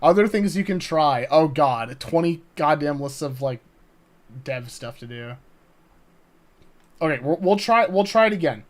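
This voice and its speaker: A young man chatting live on a game stream, excitable and swearing, laughing often and talking to his chat. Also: a little high, measured pace, long pauses.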